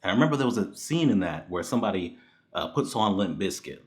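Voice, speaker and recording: A man giving a casual spoken movie review, animated and exasperated, who swears freely and laughs often. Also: sits low, fast talker.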